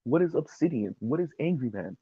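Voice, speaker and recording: A man delivers a sarcastic, emphatic commentary monologue in a husky, mid-pitched voice. The sound is dry and dull, like a lo-fi home recording. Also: animated, fairly quick, mellow, dry recording. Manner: emphatic, sarcastic, laughs at his own points.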